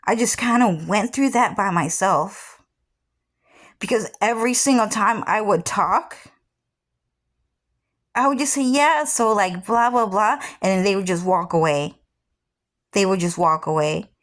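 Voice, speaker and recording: A woman in her thirties telling a personal story in a casual, rambling way, often repeating herself and swearing. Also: mid-range voice. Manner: rambling, repeats "what happened is", swears freely. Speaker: vlogger.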